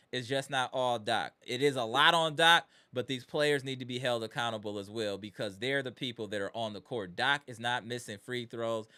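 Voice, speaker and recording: Bright-voiced man hosting a live sports reaction. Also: medium pitch, clean tone. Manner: greets chat viewers by name, swings between weary muttering and heated ranting. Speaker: live-stream host.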